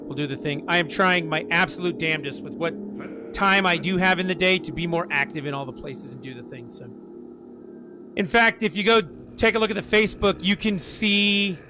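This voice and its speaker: A man in his forties with a hoarse, scratchy voice after being sick, chatting casually and rambling to viewers during a game stream at home. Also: fairly high pitch. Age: 40s. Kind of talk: casual live-stream chat.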